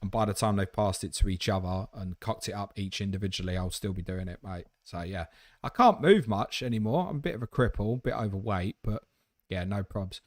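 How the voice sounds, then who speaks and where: Casting: male stream host, lowish voice, dry close sound, blunt and jokey, swears freely. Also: expressive, fairly quick, no room sound. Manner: blunt, swearing, matey banter. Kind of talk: live Q&A stream.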